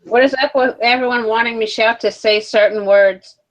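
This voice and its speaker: A woman relays viewer comments on a live stream, teasing and joking in casual chat. Her voice sits a little high. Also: fairly even intonation, brisk, fairly bright tone, muffled recording. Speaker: co-host reading viewer comments.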